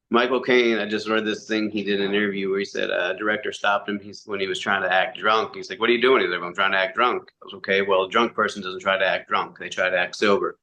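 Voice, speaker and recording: A man, a commentator and comedian, telling stories fast in a casual interview, with quick voiced asides. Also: lowish voice, sharp tone. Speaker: wrestling commentator and comedian guest.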